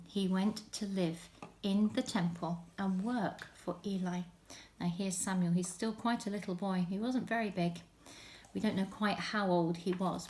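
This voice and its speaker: A woman leading a children's group, telling a story from home in an animated way that drops to whispers. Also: medium pitch.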